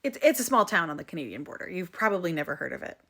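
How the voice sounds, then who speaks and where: A woman's voice: on the low side, sing-song, rapid-fire, sharp tone, exaggerated voice. A woman voicing a polite young American woman backpacking by train, modest about her small hometown.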